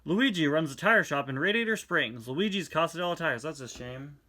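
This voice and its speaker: A man's voice: on the high side, expressive, moderate pace, pushed and bright. A young man reviewing a comic book in casual read-along commentary, full of chatty, wry asides.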